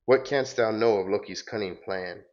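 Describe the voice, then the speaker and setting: A man's voice: on the low side, moderate pace, a little mellow, natural voice. A man reading aloud as a scheming, arrogant male trickster god in archaic comic-book speech, on a dull lo-fi recording.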